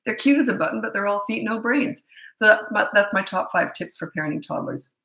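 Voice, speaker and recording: Blunt, gravelly-voiced woman parenting coach. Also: mid-range voice, lively intonation, fairly bright tone, reverberant, rough recording. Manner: blunt, opinionated, brisk. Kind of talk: casual Q&A talk to camera.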